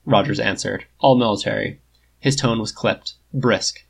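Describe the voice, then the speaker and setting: A man reading a fan fiction story aloud in an even, plain storytelling manner. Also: lowish voice, fairly quick, vocal fry, slightly rough. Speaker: audiobook reader.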